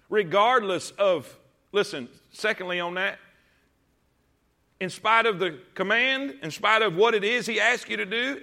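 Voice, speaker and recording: A man's voice: high-pitched, measured pace, gravelly, bright, forceful tone. A man preaching a sermon to a congregation in church, emphatic, with many rhetorical questions, calling his listeners to read along with him. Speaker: pastor. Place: church service.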